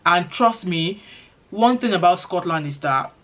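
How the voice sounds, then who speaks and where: A middle-aged woman from Nigeria with a Nigerian accent, chatting quickly and animatedly to her channel's viewers. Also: fairly low pitch. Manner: fast-talking, lively storytelling. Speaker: vlogger. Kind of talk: casual chat to camera.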